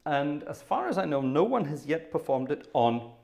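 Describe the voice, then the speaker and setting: A man's voice: a little high, big pitch swings, moderate pace, gravelly, darkish tone. A man from the north of Scotland with a posh Scottish accent, hosting a livestream as an organist, chatting casually and correcting himself as he goes. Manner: chatty, self-correcting, switches between German and English.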